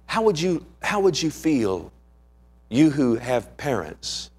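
A man preaching a sermon with passion, firing off rhetorical questions and swinging between loud and hushed delivery. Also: mid-range voice, sing-song, takes it slowly, breathy edge.

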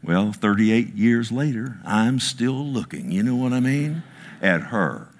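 A man in his sixties preaching a sermon to a congregation, swinging from loud, high bursts to slow, low emphasis, with self-mocking asides. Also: expressive. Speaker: pastor.

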